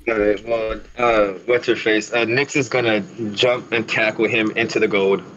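A man playing a tabletop game, chatting in a halting, playful way. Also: lowish voice, flat delivery, a bit bright, lo-fi sound, a little hiss or hum. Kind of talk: casual chat.

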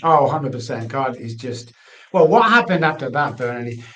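A man's voice: medium pitch, lively intonation, normal speed, fairly bright tone. A man from England, a guest giving a candid personal testimony in an earnest, repetitive storytelling manner. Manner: earnest storyteller, repeats himself for emphasis. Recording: roomy, echoey sound.

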